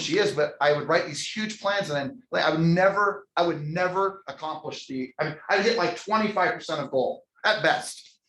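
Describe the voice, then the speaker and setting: A man leading a motivational real estate sales training for a live audience, energetic and preachy, calling on people by name. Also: fairly high pitch, fairly quick, slight background noise. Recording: echoey room.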